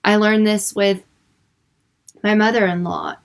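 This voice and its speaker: A woman's voice: mid-range voice, huge pitch swings, measured pace. A young woman speaking earnestly about faith and emotions in a personal, unscripted way, with lots of filler words. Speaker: Christian speaker.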